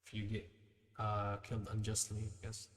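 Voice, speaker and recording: A man's voice: on the low side, monotone, moderate pace, big-room sound. A male livestream host chatting casually with his viewers in a laid-back, slangy way, reading their messages aloud.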